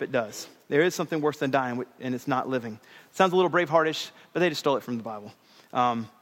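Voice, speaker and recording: A man's voice: fairly high pitch, a bit bright. A young adult male pastor preaching a conversational sermon in a church, repeating phrases and using casual fillers. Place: church sanctuary. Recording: long hall reverb.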